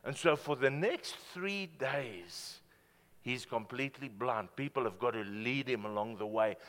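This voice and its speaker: Man, preaching pastor; lively storyteller, punchy then hushed, bright tone, hall echo. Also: mid-range voice. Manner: animated storytelling, swings from loud to hushed. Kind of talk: sermon. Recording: hall reverb.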